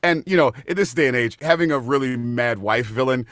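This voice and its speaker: Man, podcast guest, mid pitch, dry close sound, animated, repeats for emphasis. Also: fairly quick, no room sound. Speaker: podcast guest, stage actor. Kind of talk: casual interview chat.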